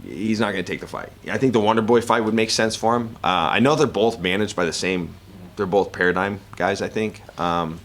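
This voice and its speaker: A man's voice: fairly low pitch, a little fast, fairly bright tone, a little hiss or hum. A man answering reporters' questions at a media session, talking casually with many restarts and frequent laughter. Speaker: professional fighter and analyst.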